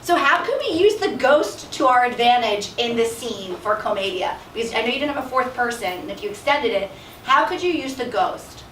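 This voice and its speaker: Teacher lady giving notes to her class, kinda high voice, echoey room, mic far away. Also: fairly quick. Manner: lively, often checks with "right?", laughs with students. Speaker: drama teacher. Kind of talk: classroom feedback and discussion. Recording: echoey room, distant mic, faint hiss.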